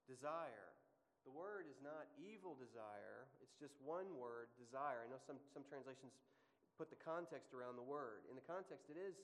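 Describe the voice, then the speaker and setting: A man teaching a Bible study to a class, asking them questions and stressing his points. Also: mid-range voice. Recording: long hall reverb.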